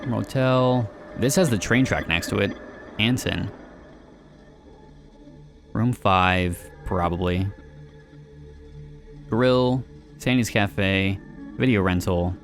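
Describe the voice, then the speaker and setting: Gaming guy muttering to himself while playing, gravelly voice, music loud behind him. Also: fairly low pitch, slow, long pauses. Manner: musing, thinking aloud. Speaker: gaming channel host. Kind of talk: playthrough commentary.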